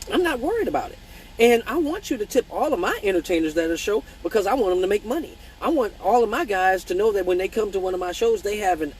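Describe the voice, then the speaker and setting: This poorly recorded clip, with a little hiss or hum, features a man whose voice sits high. He runs a laid-back live-stream Q&A about his work as an exotic dancer, reading out viewer comments and answering them with blunt, profane, lively stories.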